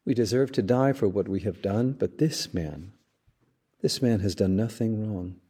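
A man's voice: fairly low pitch, measured pace, warm tone, husky. A man voicing a repentant dying thief who admits his guilt and asks for mercy. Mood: earnest.

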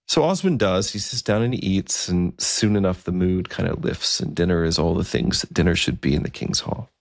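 A man retells a story in a conversational, vivid way. His voice is very deep, with a gravelly fry. The sound is dry and close to the microphone. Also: lively intonation, brisk, dry recording. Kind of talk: storytelling narration.

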